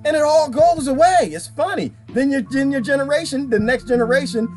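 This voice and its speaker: A man's voice: very high voice, animated, brisk, a little mellow, faint music behind. A man talking casually on a live stream, answering viewer comments by name, rambling and emphatic and often repeating himself. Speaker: vlogger reading viewer comments.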